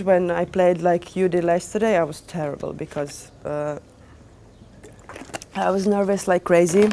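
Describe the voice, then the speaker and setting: A young woman DJ telling her story to an audience in animated, non-native English with small grammar slips, lots of fillers and restarts. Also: fairly low pitch, slight background noise. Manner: animated, acts out quoted dialogue. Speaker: DJ giving a lecture.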